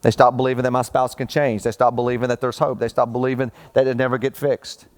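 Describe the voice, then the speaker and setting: A middle-aged male pastor preaching a sermon in a conversational, emphatic way, swinging between loud rising peaks and slow low stresses. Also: level tone. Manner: emphatic and conversational, repeating "watch this" and addressing listeners as bro.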